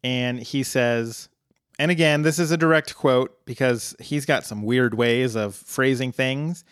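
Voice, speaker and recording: A man co-hosting a podcast, recapping an episode in casual chat with dry, deadpan jokes. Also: medium pitch, unhurried, smooth, no room sound. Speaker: podcast co-host.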